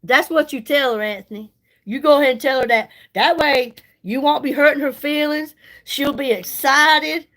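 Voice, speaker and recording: A middle-aged livestream seller talks at a moderate pace in a high, fairly bright voice, captured on a rough recording. Applying her makeup, she chats casually and sassily, folksy in manner, and greets viewers by name.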